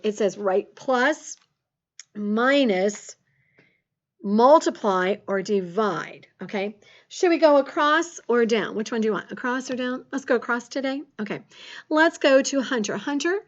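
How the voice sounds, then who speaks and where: Brief: encouraging female grade school teacher, slightly high voice, dull lo-fi audio. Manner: encouraging, upbeat, calls on students by name. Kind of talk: remote math lesson for children.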